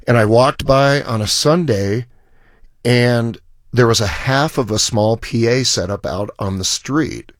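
A man's voice: mid-range voice, unhurried, dry recording, clean studio sound. A middle-aged man, a musician guest on a radio show, telling rambling stories in a casual way and acting out quoted lines. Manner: rambling anecdotes with restarts and acted quotes. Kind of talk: casual storytelling interview.

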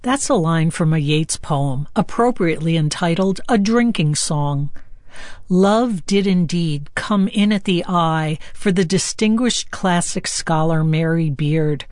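A woman book critic reads a scripted review aloud in a measured, deliberate way. Her pace is very slow and her voice sits low. The sound is dry and close. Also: darkish tone, no room sound.

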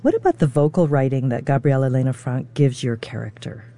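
A radio interviewer giving scripted introductions and asking measured questions. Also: mid-range voice, dark tone.

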